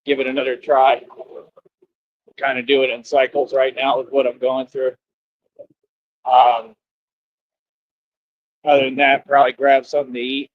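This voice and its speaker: A man's voice: mid-range voice, completely flat delivery, a little fast, dry recording, narrow, tinny audio. A man ranting boastfully and scornfully on a live stream.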